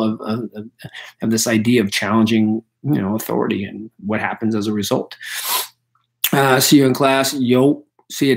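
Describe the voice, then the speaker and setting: Chatty male teacher, hoarse. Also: medium pitch. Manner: casual, chatty, many fillers and restarts. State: losing his voice. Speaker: history teacher. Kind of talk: live online review session.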